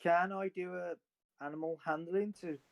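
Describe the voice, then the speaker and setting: A man's voice: sits high, fairly even intonation, gravelly. A man playing a tabletop game, speaking hesitantly with many ums while he works out his character. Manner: slow, hesitant, full of ums. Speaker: player.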